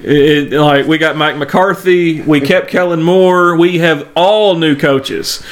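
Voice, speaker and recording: Laughing, foul-mouthed man, slightly high voice. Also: steady tone, slow pace. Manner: swears often, laughs a lot, jokey. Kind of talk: casual chat.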